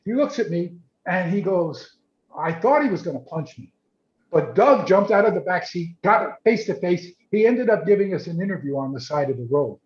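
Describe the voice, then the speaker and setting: Male photojournalist, raised pitch, chatty anecdote with restarts, echoey lo-fi call audio. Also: moderate pace, few pauses. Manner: animated, repeats words, restarts often. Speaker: photojournalist guest. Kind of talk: casual storytelling on a video call. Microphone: video call. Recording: roomy, dull video call audio.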